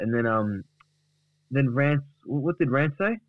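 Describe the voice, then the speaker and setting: A man casually retelling a comedy bit on a podcast, halting and rambling. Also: mid-range voice, animated, no room sound, phone-quality sound. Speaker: podcast co-host.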